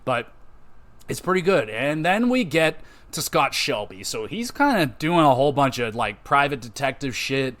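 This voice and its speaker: Profane, rambling podcast guy. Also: medium pitch. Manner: profane, rambling, animated retelling with quick impressions. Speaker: podcast host. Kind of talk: casual game podcast monologue.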